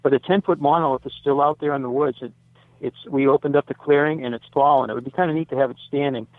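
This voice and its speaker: A man's voice: mid-range voice, steady tone, fast, no echo. A man in his sixties, a radio interview guest, talking in a rambling way with lots of fillers and self-corrections. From United States. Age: 60s. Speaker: site owner, interview guest. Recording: dry phone-line sound.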